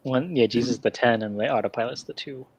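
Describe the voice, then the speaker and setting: A man's voice: mid-range voice, fairly quick, slight background noise. A man hosting a casual podcast, laughing often and rambling with restarts. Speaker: podcast host. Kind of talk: casual chat. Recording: dull lo-fi mic.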